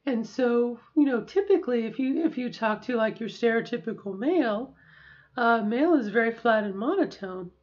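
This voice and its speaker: A middle-aged woman talks to her camera in a slightly high voice, reflective and a little halting. She slows down on purpose to practice deliberate speech, sounding a bit sore. The recording is dull and lo-fi. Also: expressive, a little mellow. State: sore after a treatment. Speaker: vlogger. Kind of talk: casual talk to camera.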